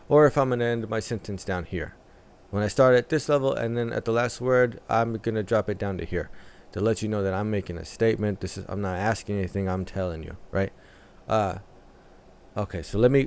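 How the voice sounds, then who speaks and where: Low, smooth-voiced man reacting to music. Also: darkish tone. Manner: thoughtful, analytical, many filler pauses.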